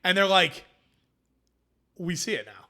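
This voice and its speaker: A man with a somewhat high, bright, forceful voice tells the story of his food business in a relaxed interview. He talks in an animated way and acts out what people said to him. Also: unhurried. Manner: animated, acts out quoted dialogue. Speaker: food company founder.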